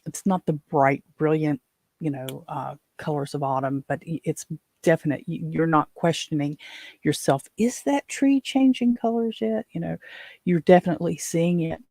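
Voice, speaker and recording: A woman's voice: deep voice, level tone, moderate pace, darkish tone, dry recording. A middle-aged woman from West Virginia hosting her own show, rambling through exasperated stories with lots of fillers. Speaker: podcast host. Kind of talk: casual chat.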